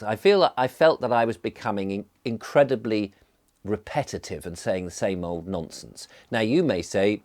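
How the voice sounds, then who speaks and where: A man's voice: on the low side, expressive, unhurried, darkish tone. An English man with a near-posh southern English accent, chatting in a rambling, genial sit-down vlog and sounding a bit groggy from a cold. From England. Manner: rambling, genial, well-enunciated. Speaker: vlogger. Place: indoors, seated.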